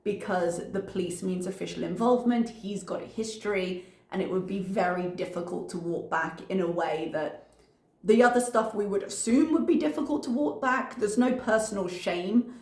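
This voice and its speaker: A woman's voice: medium pitch, moderate pace, a little mellow, reverberant. A woman giving reaction commentary in a blunt, analytical manner.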